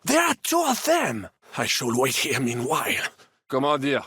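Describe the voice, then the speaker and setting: An actor playing a flamboyant, optimistic French knight in a video game, with a French accent and a theatrical, boastful way of talking. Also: male voice, mid-range voice, wildly swooping pitch, normal speed, bright, forceful tone, husky, no room sound, clean studio sound, exaggerated voice.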